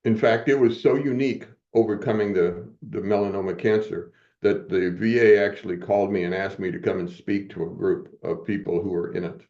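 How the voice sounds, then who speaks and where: A man's voice: on the low side, steady tone, brisk, hardly any pauses, dark tone, dull audio. A man in his seventies telling personal stories as a podcast guest, motivational and acting out quoted dialogue. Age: 70s. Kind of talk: personal storytelling in a podcast interview.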